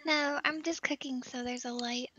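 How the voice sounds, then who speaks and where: A woman chatting casually while playing a game, giggly and excitable, breaking into shrieks and laughs. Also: high-pitched, normal speed, no echo, muffled recording. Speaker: streamer's partner playing along. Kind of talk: casual gameplay chat.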